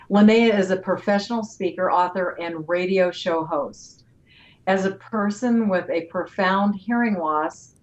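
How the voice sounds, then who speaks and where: A woman hosting a talk show, reading an admiring introduction of her guest. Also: lowish voice. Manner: effusive, admiring. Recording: dull lo-fi audio.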